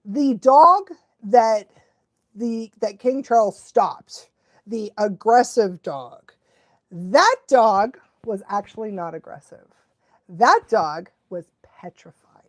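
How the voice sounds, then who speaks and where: A young woman, a dog trainer, chatting casually on a live stream, excitable and animated, laughing often and sometimes losing her thread. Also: mid-range voice, takes it slowly, no room sound. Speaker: dog trainer hosting a live watch-along.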